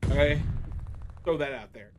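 A young male gaming streamer talks casually while he plays, ranting and cursing heavily and tripping over restarts. His voice sits fairly high, with a faint hiss underneath. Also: moderate pace. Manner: ranting, swears constantly, restarts sentences. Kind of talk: casual live-stream chat.

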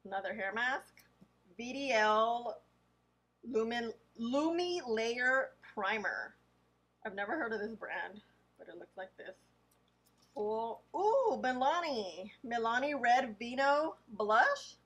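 A woman vlogger with a slightly high voice chats her way through a haul. She reads each product name slowly and carefully, then drops into quick, offhand remarks. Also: animated, fairly bright tone, poor audio. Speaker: beauty vlogger. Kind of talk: casual haul unboxing.

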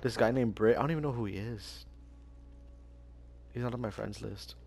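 A man's voice: medium pitch, moderate pace, creaky. A young man chatting casually while gaming with a friend, swearing often and laughing as he mimics his buddies. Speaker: gaming channel host.

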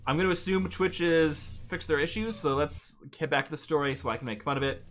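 A man hosting a live game stream, joking quickly and poking fun at the game as he plays. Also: fairly high pitch, a bit bright. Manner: quick, joking, playful indignation. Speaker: host and player. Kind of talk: casual gameplay commentary.

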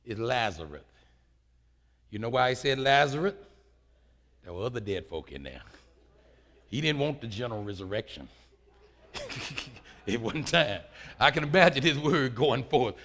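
A man preaching a sermon in a folksy manner, swinging from quiet asides to shouts. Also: medium pitch, creaky, in a large hall. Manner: folksy, uses "ain't". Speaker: pastor. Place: church sanctuary.

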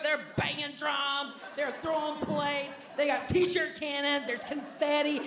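Brief: female comic, fairly high voice, brisk storyteller, roomy echo. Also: fairly bright tone. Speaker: stand-up comedian. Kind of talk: stand-up set. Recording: roomy stage with faint noise.

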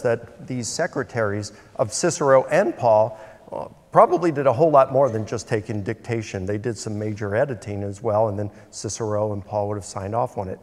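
Male debater, average pitch, chatty questioning, hall echo. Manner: conversational, questioning, with fillers. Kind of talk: debate cross-examination. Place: university lecture hall. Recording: reverberant hall.

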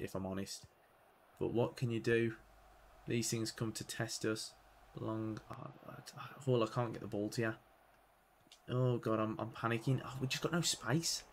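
A young man commentating live on his own football video game, excitable, swinging from muttering to loud outbursts. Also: fairly low pitch, slight background noise. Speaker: gaming YouTuber playing career mode.

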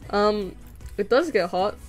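A woman's voice: medium pitch, animated, slow. A young woman, chatting and giggling with her chat at home while she draws. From Australia. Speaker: livestreamer. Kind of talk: casual livestream chat while drawing. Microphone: desk mic. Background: faint music playing.

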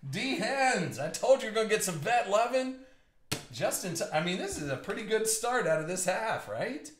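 An upbeat man hosts a live trading card break, bantering with viewers and riffing on each pull. His voice sits a little high and swings animatedly up and down. He is recorded in an echoey room with a faint hiss behind him. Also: very animated, normal speed. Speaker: box break host.

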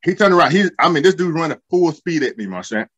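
A man, telling rowdy football stories in slangy, swearing, animated chat. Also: fairly high pitch, fast talker, dull audio. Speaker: guest, former football linebacker. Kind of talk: casual storytelling.

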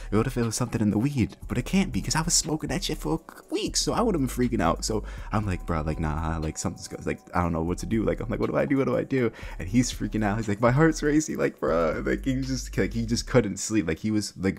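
A man's voice: fairly low pitch, husky. A young man casually telling a story, rambling and slangy, acting out the dialogue as he goes. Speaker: storyteller vlogger.

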